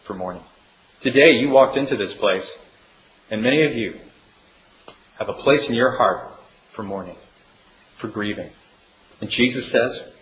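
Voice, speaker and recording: A man preaching a sermon as pastor, speaking earnestly and swinging between emphatic rises and hushed, drawn-out drops. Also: mid-range voice. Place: church sanctuary. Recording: echoey room with faint hiss.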